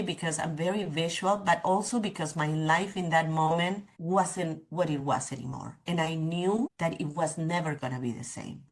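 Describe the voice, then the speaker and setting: A middle-aged woman, a guest author and coach, candidly recounting a personal story in an interview, with frank asides. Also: lowish voice.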